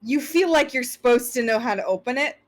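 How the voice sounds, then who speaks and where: A woman running a tabletop game as game master, describing each scene in a loose, rambling way. Her voice sits fairly high. She talks things out as she goes. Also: expressive, fairly quick.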